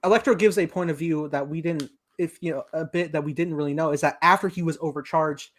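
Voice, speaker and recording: A young man talks through a film in a loose, rambling podcast chat, swearing often. His voice sits a touch high for a man, and he wanders from point to point with plenty of fillers. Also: quick pace. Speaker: podcast host. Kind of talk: casual movie review chat.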